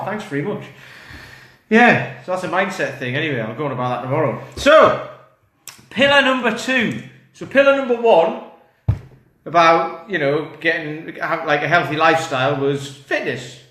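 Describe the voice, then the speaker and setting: Fitness coach, vlog chat, bright rambling voice, slightly high, echoey room. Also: male voice. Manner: chatty, rambling, self-interrupting. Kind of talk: casual talking-head vlog. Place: indoors. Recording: roomy echo.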